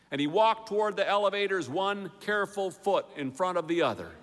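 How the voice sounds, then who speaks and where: A man's voice: sits high, fairly bright tone. A man reading a humorous story aloud with dry, wry narration. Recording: long hall reverb.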